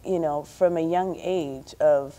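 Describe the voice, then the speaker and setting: A woman's voice: low-pitched, takes it slowly, lo-fi sound. A woman from Somalia with a British accent, telling a personal story reflectively on a community panel. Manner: reflective storytelling, animated when quoting others. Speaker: panel speaker.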